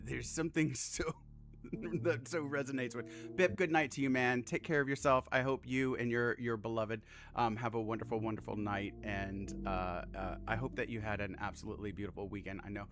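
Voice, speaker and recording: A man streaming a game, chatting casually and excitedly, swearing often, laughing and thanking viewers warmly. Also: medium pitch, moderate pace, over music. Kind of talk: casual live-stream chat.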